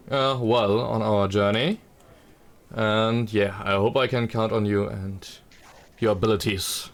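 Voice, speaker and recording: A man's voice: fairly low pitch, steady tone, slow, long pauses, slight background noise. A man playing a tabletop game, speaking politely and a little formally in character. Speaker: player. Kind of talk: in-character tabletop role-play.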